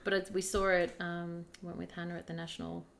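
A woman's voice: on the low side, little pitch movement, brisk, vocal fry, slight background noise. A woman co-hosting a casual podcast chat, rambling and restarting as she tells stories. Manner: rambling, restarts often, plain storytelling. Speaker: podcast co-host.

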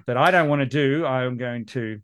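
Animated man, casual podcast chat. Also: mid-range voice, brisk, smooth. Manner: animated storytelling, mimics kids in quotes. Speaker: podcast host.

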